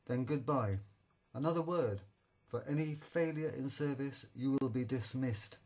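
A man voicing a kind-hearted lighthouse official who asks brisk questions in an audiobook. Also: medium pitch, darkish tone, lightly acted. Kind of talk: audiobook character reading.

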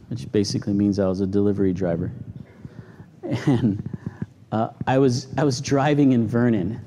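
A middle-aged man, a pastor, preaching a sermon in a church and telling stories with sudden animated outbursts. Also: mid-range voice, slight background noise. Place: church sanctuary.

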